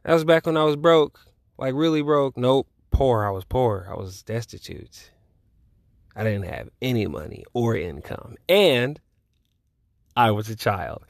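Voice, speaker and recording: A man's voice: medium pitch, expressive, moderate pace, vocal fry, no room sound, clean studio sound. A man in his twenties, hosting a podcast alone, rambling casually with lots of swearing and laughter. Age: 20s. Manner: profane, laid-back and rambling, with frequent laughs. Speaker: podcast host. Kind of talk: casual solo chat.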